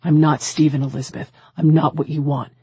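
A woman reading an audiobook, voicing a stern, guarded young man who speaks low and clipped. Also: moderate pace, gravelly, dark tone, husky, dry recording, full character voice. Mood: shouting.

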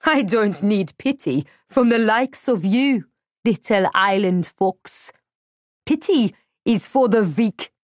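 A woman voicing a blunt, scornful young female captive who speaks in a harsh, flat way. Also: medium pitch, slow, dry recording, clean studio sound, voice pushed up.

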